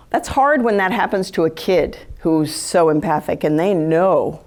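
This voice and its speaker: A woman giving a live talk to an audience in a chatty, animated way, often acting out quoted thoughts. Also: on the low side, measured pace. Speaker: speaker giving a talk on empathy.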